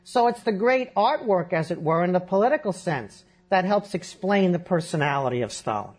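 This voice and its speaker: A man's voice: high voice, lively intonation, normal speed, breathy edge. Fluent male historian explaining at length. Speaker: historian guest. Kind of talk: long-form interview.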